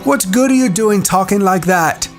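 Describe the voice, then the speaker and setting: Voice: mid-range voice, normal speed, faint music behind, lightly acted. A performer voicing an anxious, plump boy in an audiobook, pleading and defensive in colloquial speech. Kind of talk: audiobook dialogue.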